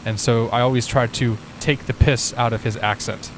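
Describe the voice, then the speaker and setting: A man's voice: medium pitch, steady tone, normal speed, noisy background. A man streaming a flight simulator, chatting casually with viewers and thinking aloud.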